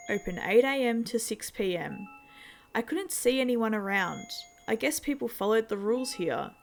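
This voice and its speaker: A woman narrating a horror story in a measured, steady storytelling manner. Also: mid-range voice, vocal fry.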